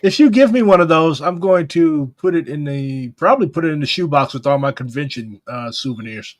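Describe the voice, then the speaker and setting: A young man hosts a laid-back podcast, talking loosely, swearing freely and leaning on "like." His voice sits a bit higher than most men's, and the close mic sounds dry. He is from St. Louis. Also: expressive, a little fast, no room sound. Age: young adult. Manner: loose and profane, heavy on "like". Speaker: podcast host. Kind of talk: casual podcast chat.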